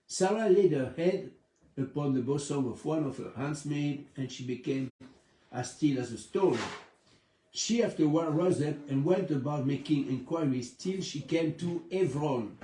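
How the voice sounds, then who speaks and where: A man's voice: a little high, warm tone. Man reading scripture in an echoey room. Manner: reads scripture slowly with pauses and restarts. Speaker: Bible teacher. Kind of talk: Torah study reading and teaching. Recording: echoey room, distant mic.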